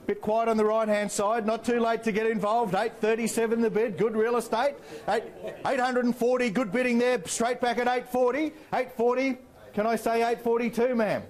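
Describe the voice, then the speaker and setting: Man, Australian accent, auctioneer, very high voice, rhythmic bid calling, cheeky banter. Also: little pitch movement, normal speed, darkish tone. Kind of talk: live property auction calling.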